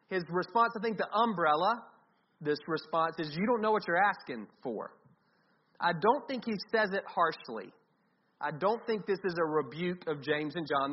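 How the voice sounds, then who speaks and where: A man preaching a sermon in a conversational way, thinking aloud with restarts. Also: on the high side. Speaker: pastor. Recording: dull, slightly lo-fi with faint noise.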